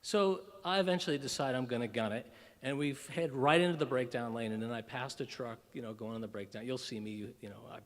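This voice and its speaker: Animated male keynote storyteller. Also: medium pitch, fast talker. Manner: animated anecdote telling with frequent "you know" and "right". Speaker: keynote speaker.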